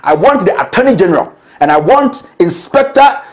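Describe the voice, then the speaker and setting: A man's voice: sits high, sing-song, fairly quick. A man with a Ghanaian accent, hosting a political commentary show in a combative, accusatory, emphatic way. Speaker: show host.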